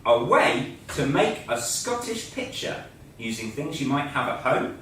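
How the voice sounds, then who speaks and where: A man's voice: mid-range voice, big pitch swings, a little slow, a bit bright, slight background noise. A man teaching a school assembly, playful and joking as he explains and draws. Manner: playful, joking, talks while drawing. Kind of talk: light-hearted assembly presentation. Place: school room. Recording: echoey room, mic at a distance.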